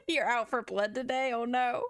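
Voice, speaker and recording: A woman's voice: animated, a little slow, a bit bright. Rambling, swearing woman streamer. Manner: rambling, swears freely, sudden jumps up in pitch. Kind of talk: casual live-stream chat while drawing.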